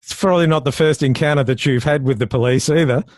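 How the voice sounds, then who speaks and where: Aussie dude hosting, laid-back, dry close sound. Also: male voice, medium pitch, fast, dry recording. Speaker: host. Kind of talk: casual interview chat.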